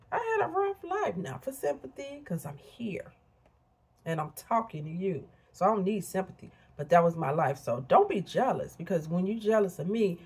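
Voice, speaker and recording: Earnest, slightly husky woman vlogger. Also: on the low side, a little mellow. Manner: earnest, preachy, direct address to viewers. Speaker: motivational vlogger. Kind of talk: casual motivational talk to camera.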